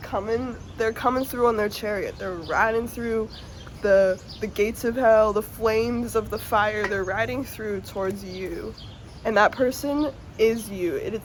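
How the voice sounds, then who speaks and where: A woman talks her viewers through a tarot reading in a casual, heartfelt way, cursing lightly as she goes. Her voice sits at an ordinary middle pitch, and she sometimes sounds close to tears. A faint hiss of room noise runs underneath. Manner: emotional, earnest and swearing casually. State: tearful at times. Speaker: tarot reader.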